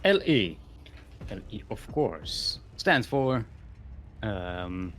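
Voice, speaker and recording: Man, tournament host and caster, low and lively, goofy rambling humor, big announcer-style introductions. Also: drawn-out words, pauses often, a little hiss or hum. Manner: joking, rambling, booming ring-announcer introductions. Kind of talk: playful esports commentary.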